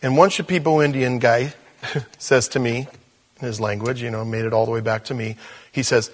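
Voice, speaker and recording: A male pastor telling a story in a sermon, animated, with stumbles and restarts. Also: medium pitch, a little fast, long pauses, husky.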